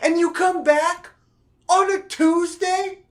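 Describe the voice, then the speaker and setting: A man voicing a furious young man who rants and swears without any filter, often shouting. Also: very high voice, fairly even intonation, takes it slowly, pitched above the performer's own voice. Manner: shouting, profane ranting.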